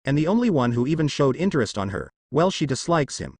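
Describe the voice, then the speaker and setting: A man narrating a fan fiction story aloud in a plain, steady reading voice with occasional misread words. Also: a little high, fast talker, slightly rough, no echo.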